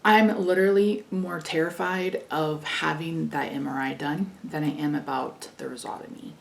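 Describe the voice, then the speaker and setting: A woman's voice: low voice, steady tone, normal speed, vocal fry, a little hiss or hum. A woman vlogger chatting casually while doing her makeup, telling stories and acting out what people said. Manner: chatty storytelling, frequent laughs, acts out dialogue. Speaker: beauty vlogger. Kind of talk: casual get-ready-with-me chat. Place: home, indoors.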